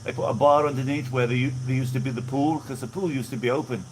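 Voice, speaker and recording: A man's voice: medium pitch, steady tone, fast talker, darkish tone, slight background noise, low-quality recording. A man from the Birmingham area with a mixed Birmingham accent, rambling casually on an outdoor live stream and greeting viewers by name. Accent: mixed Birmingham English with a little Maltese influence. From England (Birmingham area). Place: outdoors on a breezy day. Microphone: no clip-on mic, camera mic.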